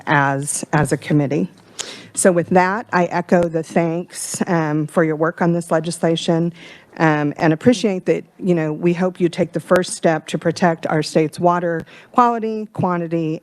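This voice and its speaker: A woman testifies before a committee in a measured, formal way, sprinkling her sentences with fillers. Her voice sits a little low, recorded dry with no room sound. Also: a little mellow, dry recording. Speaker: testifier at a hearing.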